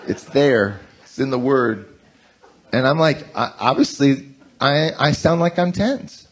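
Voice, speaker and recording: A man in his forties preaching a conversational sermon, telling self-mocking stories in an animated way. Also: mid-range voice, a little slow. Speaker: pastor.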